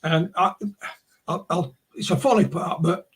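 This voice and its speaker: A Yorkshire man from England, guesting on a video call, rambles through his stories with lots of restarts in casual conversation. His voice is a little high and a little slow, with a breathy edge.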